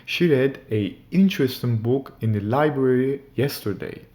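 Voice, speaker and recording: A man teaching grammar, explaining sentence structure step by step and reading out example sentences slowly and carefully. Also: medium pitch, expressive, dark tone. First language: German. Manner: slow, deliberate, reads German examples carefully. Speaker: language teacher.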